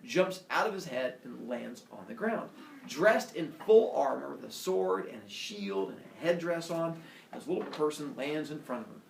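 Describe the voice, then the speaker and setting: Animated, gravelly male teacher. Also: on the high side, moderate pace, slight background noise. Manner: animated, playful storyteller. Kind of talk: classroom storytelling. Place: classroom. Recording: echoey classroom from a distance.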